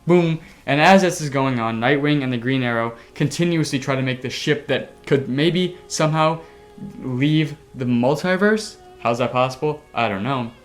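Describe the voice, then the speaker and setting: A man hosting a casual podcast, telling a story excitably with sound effects and the odd swear word. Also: mid-range voice, normal speed, faint music behind. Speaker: podcast host.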